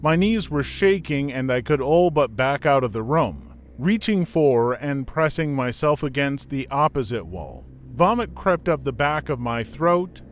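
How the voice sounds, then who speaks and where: A man narrating a scripted horror story in a steady, measured reading. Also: medium pitch, a little hiss or hum.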